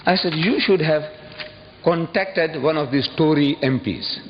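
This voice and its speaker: A man giving an impassioned public lecture, emphatic and full of rhetorical questions, his voice leaping into sudden high bursts. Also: unhurried. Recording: dull old recording, long hall reverb, faint hiss.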